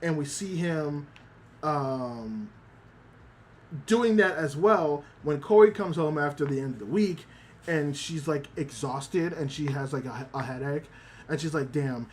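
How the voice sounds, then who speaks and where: A man's voice: fairly high pitch, a little slow, slight background noise. A man streaming as a VTuber, chatting casually and rambling, often repeating himself and swearing freely. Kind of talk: casual livestream chat.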